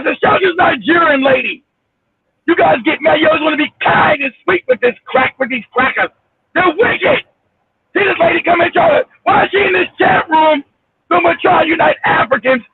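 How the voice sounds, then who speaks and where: A man with a strikingly high voice rants loudly and profanely while driving, his shouting broken up by laughter. The sound is squeezed into a thin, phone-like band with a faint hiss underneath. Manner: loud, heated, profane ranting with laughter. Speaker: show host. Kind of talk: casual livestream talk. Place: car, driving.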